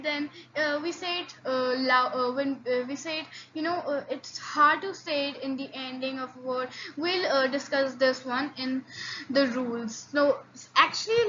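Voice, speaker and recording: Woman teacher, high bright voice, unhurried, halting with fillers, online lesson, slightly dull recording with faint hiss. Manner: halting, many fillers and repeats; slow drilled repetitions of sounds. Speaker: language teacher.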